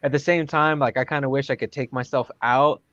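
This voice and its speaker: A man's voice: mid-range voice, fairly even intonation, fairly quick, fairly bright tone. A man talking as a guest fighter in a casual podcast chat, rambling with lots of fillers and self-corrections. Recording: dull lo-fi dry sound.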